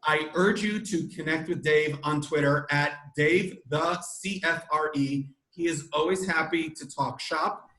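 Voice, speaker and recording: A man hosting a podcast who tells stories in an animated way, with frequent restarts. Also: fairly high pitch, unhurried, few pauses. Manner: animated storytelling, many restarts. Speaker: podcast host. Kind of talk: casual chat. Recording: echoey room.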